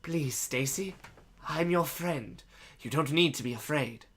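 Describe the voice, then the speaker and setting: A man voicing a patient robed leader who speaks softly and comfortingly, reading fanfiction aloud. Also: on the high side, sing-song, moderate pace, a little hiss or hum, pitched above the performer's own voice. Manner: soft and comforting, stern when ordering.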